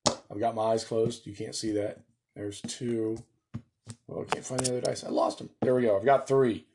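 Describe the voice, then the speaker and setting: An American man talking casually through a solo tabletop game, excited, joking and swearing freely. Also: on the low side, moderate pace, slight background noise. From United States.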